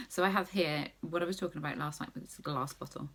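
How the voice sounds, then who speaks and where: A woman talks her viewers through a makeup tutorial in a loose, rambling way, full of jokey asides. Her voice sits very low with a lot of gravelly fry. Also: sing-song, moderate pace, fairly bright tone. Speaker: makeup vlogger. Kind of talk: casual makeup tutorial chat.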